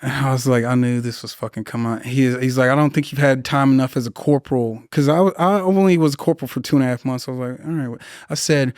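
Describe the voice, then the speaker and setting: A man's voice: mid-range voice, fast, few pauses, darkish tone, dry recording, clean studio sound. A man in his thirties, a Marine veteran guest on a podcast, telling rambling, profane war stories and acting out the people he quotes. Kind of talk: casual storytelling interview.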